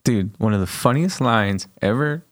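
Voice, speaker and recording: Podcast co-host, male, low voice with lots of swing, swears and acts out scenes. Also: moderate pace. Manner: animated, swearing, retells movie scenes. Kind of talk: casual chat.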